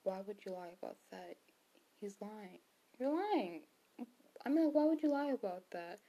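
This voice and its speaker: A woman voicing an exasperated young man in a retold story, firing off incredulous questions in a raised, excited voice. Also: medium pitch, measured pace, muffled recording. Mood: accusing.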